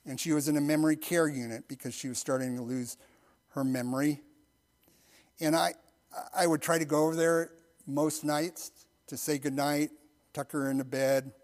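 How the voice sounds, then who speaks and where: Soft-spoken middle-aged man preaching. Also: a little high, steady tone. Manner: soft-spoken, intimate storytelling that drops to near-whispers; slow, earnest prayer cadence. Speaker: pastor. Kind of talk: sermon with personal story and prayer.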